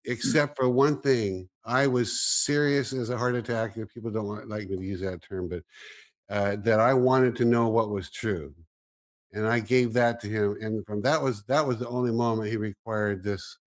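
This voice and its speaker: A man's voice: fairly low pitch, steady tone, normal speed. A man, a Christian minister, talking earnestly in a casual conversation and often restarting his sentences as he thinks.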